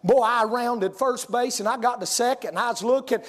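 A man's voice: extremely high pitch, normal speed, big-room sound. A man preaching a sermon, telling folksy stories that rise into hollering. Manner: folksy storytelling, rising to hollering.

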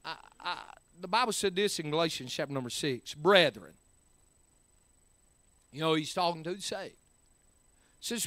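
A man's voice: high voice, a bit bright, no room sound, studio quality. A man preaching a sermon, repeating key phrases with rising and falling emphasis.

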